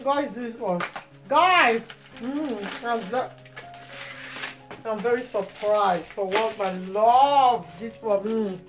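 A woman's voice: fairly high pitch, slow pace, over music. A woman vlogging at home, gushing and repeating her exclamations of surprise. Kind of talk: emotional vlog. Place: home, indoors.

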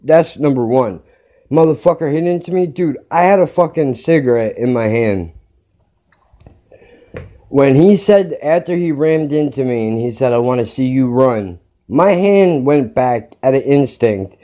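A man's voice: mid-range voice, animated, unhurried, mellow. Man ranting, profane and heated. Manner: heated, blunt, swears constantly. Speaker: podcast host. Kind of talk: profane storytelling rant.

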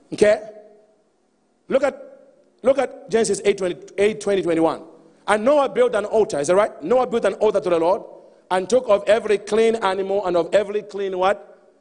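High-voiced preacher in an echoing hall. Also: male voice, brisk, long pauses. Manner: animated, calls out to the congregation. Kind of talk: sermon.

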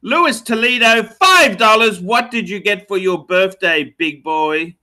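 A man in his forties rambles through a casual livestream, repeating himself and cursing in jest. His voice sits high and bright, and he talks slowly, dwelling on each phrase. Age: 40s. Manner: reads out donor messages. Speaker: livestream host.

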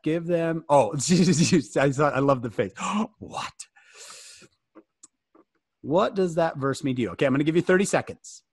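An American man giving an interactive fireside talk, animated and joking, often asking his listeners questions. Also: medium pitch, dry recording, studio quality. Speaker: fireside speaker.

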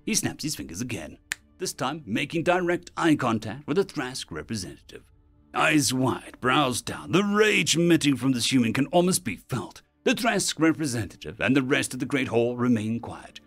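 A man's voice: medium pitch, big pitch swings, moderate pace, fairly bright tone. A man narrating a science fiction story in a dramatic storytelling manner, with faint music behind.

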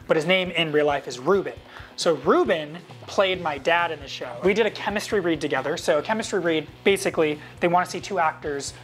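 Man, thirties, casual vlog storytelling, acts out quotes, faint music behind. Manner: animated, jumps up in pitch to act out quoted lines. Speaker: actor recounting behind-the-scenes stories.

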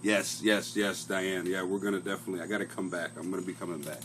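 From his home basement, a middle-aged man hosts his own comedy podcast, chatting casually like a live stream in a rambling, profane, self-mocking way. He talks fast with a low, flat delivery and hardly pauses. The tone is fairly bright, with slight background noise.

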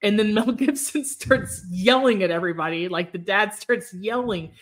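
Lively woman host, chatty, acts out lines, mid-pitched. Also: moderate pace. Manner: animated, laughs often, acts out movie lines. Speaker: podcast host. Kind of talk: casual chat.

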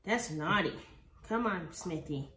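A woman's voice: on the low side, expressive, unhurried, a bit bright. Chatty woman cooing at puppies. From Texas. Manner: sweet baby talk to puppies, cooing and chatty. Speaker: dog breeder. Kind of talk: casual vlog narration. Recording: echoey room with faint noise.

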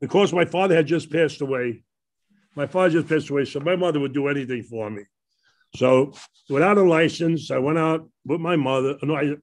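An older man with a Brooklyn accent tells his stories in a loose, rambling way and breaks into laughter often. His voice sits a little high for a man. He speaks as a guest in casual conversation. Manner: rambling anecdotes with frequent laughter. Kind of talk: casual storytelling.

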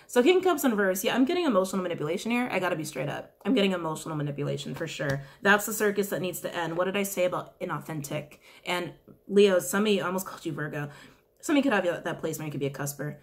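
A tarot reader with a lowish, animated voice talks very fast as she gives a casual weekly reading. She's chatty and blunt, swears freely, and keeps asking the cards the same questions over and over.

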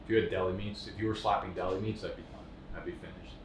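A man's voice: deep voice, fairly even intonation, fast talker, background noise. A young man hosting a casual chat, telling stories in a profane, ranting way. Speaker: host.

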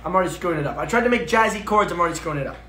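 A man hosting a livestream, chatting casually, playing songs and telling animated, self-deprecating stories. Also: high voice, very fast, echoey room, over loud music. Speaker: livestream host.

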